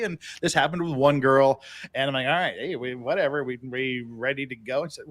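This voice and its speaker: A man with a slightly higher-pitched voice hosts a casual podcast. He tells long, rambling anecdotes and laughs easily as he goes. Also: lively intonation, fast talker, fairly bright tone, no room sound. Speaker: podcast host.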